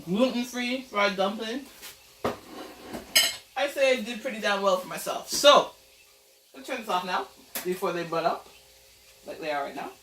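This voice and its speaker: A woman's voice: mid-range voice, pushed and bright, recorded from a distance. Chatty woman cooking in an echoey kitchen. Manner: chatty, playful, talks through each step. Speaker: home cook, channel host. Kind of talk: casual cooking vlog. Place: home kitchen. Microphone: camera mic, back turned, away from it. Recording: echoey kitchen, voice off-mic, faint noise.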